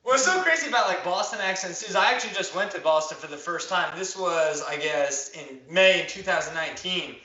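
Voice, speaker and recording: Male interviewer, rapid, bright, chatty, echoey lo-fi room audio. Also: sits high, animated. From New Jersey area. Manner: quick, chatty, many "like"s. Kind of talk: casual interview chat.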